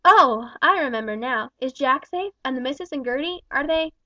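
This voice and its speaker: An injured, brave railway fireman, as a woman reads him in a storybook, raised and earnest in tone. The voice sits somewhat high. The recording is dull and dry. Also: animated, fairly quick, bright, forceful tone, no room sound. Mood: urgent.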